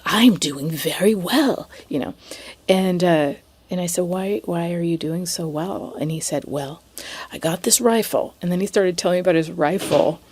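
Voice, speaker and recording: A woman hosting a podcast, telling a personal story in a hesitant way, with frequent restarts and soft, near-whispered asides. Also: low-pitched. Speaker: podcast host.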